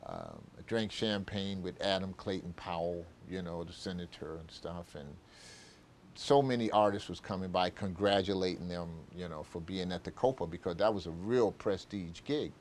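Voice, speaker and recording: A man's voice: deep voice, expressive, normal speed, a little mellow, a little hiss or hum. An older man from New York telling long stories in an interview, rambling with many fillers and acting out old conversations. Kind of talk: anecdotal interview storytelling.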